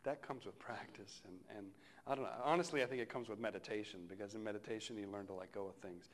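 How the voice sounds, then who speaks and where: A male pastor giving a sermon in a relaxed, conversational way, often trailing off softly at the ends of phrases. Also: lowish voice, quick pace, hardly any pauses, a little hiss or hum. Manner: conversational, reflective, often dropping to a soft close.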